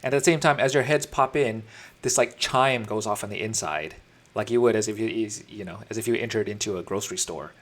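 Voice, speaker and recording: A man's voice: on the low side, fairly quick. A man narrating as dungeon master in a tabletop game, talking casually with fillers and restarts.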